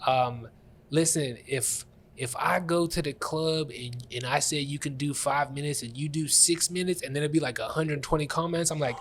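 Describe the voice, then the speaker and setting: A man hosting a comedy podcast, telling rambling, animated stories and laughing often. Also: a little high, normal speed, slight background noise. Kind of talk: casual comedic storytelling. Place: Columbus comedy scene.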